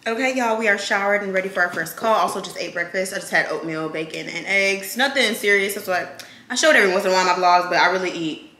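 A young vlogger talks fast to her camera in a medium-pitched, pushed, bright voice, calling her viewers "y'all." The room is echoey, with kitchen clatter in the background.

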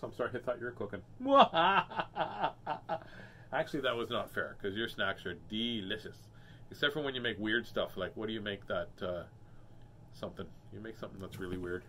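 A man's voice: medium pitch, fairly bright tone, a little hiss or hum. A man reading a children's book aloud as host, breaking off for playful, self-mocking jokes. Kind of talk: storybook read-aloud with joking asides.

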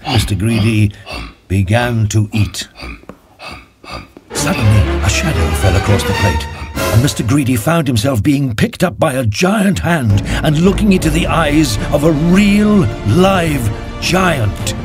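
A man narrating a children's cartoon story, emphatic and expressive. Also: medium pitch, unhurried. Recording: faint music behind.

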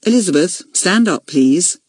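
A woman voicing a schoolboy who chairs a school meeting, firm and measured. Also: on the low side, lively intonation, darkish tone, husky, no echo, studio quality. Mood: stern.

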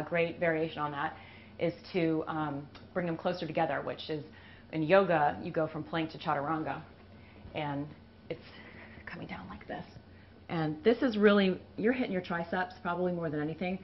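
Breathless woman teaching push-ups. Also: on the low side. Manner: talks while doing push-ups. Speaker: fitness instructor. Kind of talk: casual workout demonstration. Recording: dull lo-fi video audio with faint hiss.

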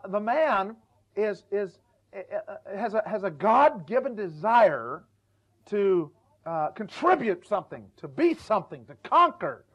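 A middle-aged male preacher giving a folksy, humorous church sermon, stumbling over repeated words and acting out quoted voices. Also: sits high. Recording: dull lo-fi church recording.

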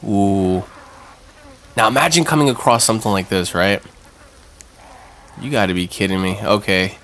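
A man hosting a gaming channel, giving excitable let's-play commentary with swearing and jumpy reactions. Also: fairly low pitch, normal speed, a little hiss or hum.

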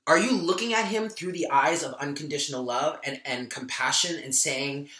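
A man talks through a tarot reading to his viewers, open and emotional, with casual swearing. His voice is bright and sharp-edged, and the room around him echoes. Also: a little high, moderate pace, few pauses. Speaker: tarot reader.

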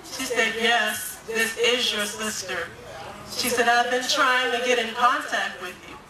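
Woman giving a testimony, echoey and distant. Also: a little slow. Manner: storytelling, acting out quoted voices with pitch jumps. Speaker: guest speaker giving a testimony. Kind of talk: personal testimony speech. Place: domestic violence awareness walk event. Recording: echoey, distant, crowd noise behind.

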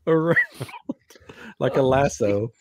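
A man's voice: medium pitch, slow, noisy background. A man in his thirties hosting a podcast, chatting casually and telling stories with lots of laughter. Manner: animated storyteller, laughs often. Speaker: podcast host. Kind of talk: casual chat.

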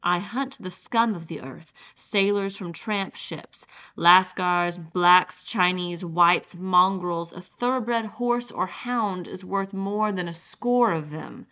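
A suave, cruel general, voiced by a woman reading an audiobook speaks with smug, polished condescension. The voice sits fairly low. The recording is dull and lo-fi. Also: slow, few pauses, sharp tone, heavily acted. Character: suave, cruel aristocratic male general who hunts men.

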